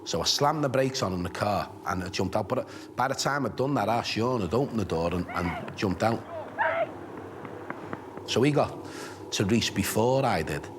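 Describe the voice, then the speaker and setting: A man giving a shaken, halting eyewitness account in a documentary interview. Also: on the low side, lively intonation, noisy background.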